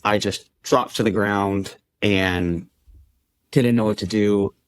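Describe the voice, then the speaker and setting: Low-voiced man telling a personal story. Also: fairly even intonation, slow pace, clean tone, no echo. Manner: conversational, acts out quoted dialogue. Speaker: podcast guest, endurance club founder.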